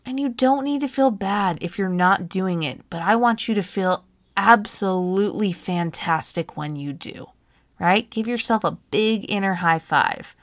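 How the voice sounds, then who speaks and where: Woman, 30s, podcast host; casual, chatty, playful, quick to laugh. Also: medium pitch, fairly bright tone.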